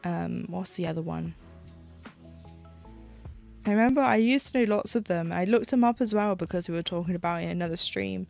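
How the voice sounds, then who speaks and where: A woman with a British English accent chatting casually on a live stream as she stitches, rambling along with lots of "like" and quick restarts. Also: lowish voice, gravelly, darkish tone, soft background music. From United Kingdom.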